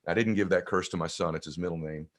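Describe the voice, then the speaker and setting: A man telling a personal story in an energetic, conversational way as a podcast guest. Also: low-pitched, quick pace. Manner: energetic, conversational, acts out voices. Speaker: guest speaker.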